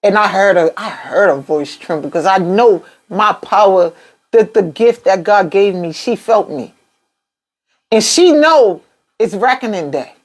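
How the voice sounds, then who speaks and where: A woman's voice: mid-range voice, animated, unhurried. A young adult woman, a tarot reader, telling a story in a live-stream monologue, full of quoted asides and frank swearing.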